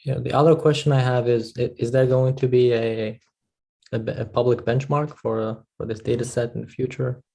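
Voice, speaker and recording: A man's voice: medium pitch, fairly even intonation, brisk, vocal fry, mellow. A man in the audience asking hesitant, spontaneous questions at a conference.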